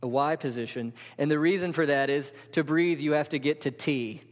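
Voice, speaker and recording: A man's voice: a little high, moderate pace. A man preaching a sermon as pastor, vivid and emphatic, asking the congregation rhetorical questions. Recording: dull sound with long hall reverb.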